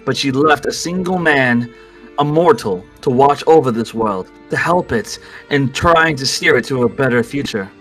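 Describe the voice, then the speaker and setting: A man voicing a playful male villain who calmly taunts his captives. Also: mid-range voice, normal speed, faint music behind, lightly acted, poor audio. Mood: storytelling. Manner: calm, taunting, theatrical.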